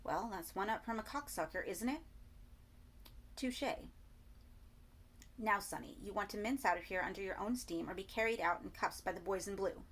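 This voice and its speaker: A woman's voice: mid-range voice, moderate pace, pauses often, fairly bright tone, a little hiss or hum, lightly acted. A woman voicing a snide male hotel receptionist whose put-on posh diction slips into a London accent. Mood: sneering. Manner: clipped, sneering, slipping into cockney.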